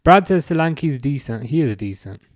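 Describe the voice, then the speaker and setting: This livestream host runs a relaxed football chat, going through viewer comments one at a time at a moderate pace in an ordinary middle-pitched voice. He's hesitant, with frequent "um"s, fillers, and restarts, and the sound is dry and close with no room echo.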